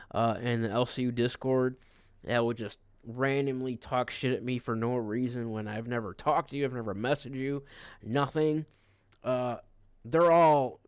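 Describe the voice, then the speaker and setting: A man's voice: mid-range voice, smooth, no room sound. A man streaming a casual rant, rambling and cursing, with frequent restarts. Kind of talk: casual ranting livestream.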